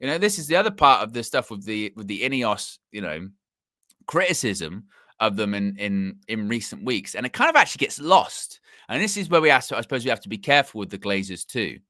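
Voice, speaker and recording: A man's voice: lowish voice, brisk, no room sound, clean studio sound. A man hosting a live fan stream, talking casually and at length with many fillers and restarts. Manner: rambling, animated, full of fillers and restarts. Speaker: host of a fan livestream.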